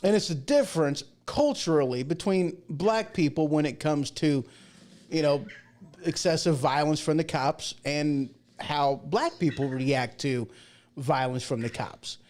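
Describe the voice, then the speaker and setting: A man hosts a casual livestream talk show in a slightly high voice. He talks in a chatty, folksy way and rambles off into asides and jokes. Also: a little slow, darkish tone. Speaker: show host.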